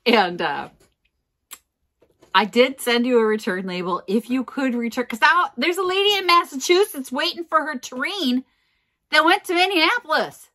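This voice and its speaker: A middle-aged woman reselling vintage goods, telling a story in a casual vlog with animated, self-mocking energy and frequent laughs. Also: high-pitched, normal speed.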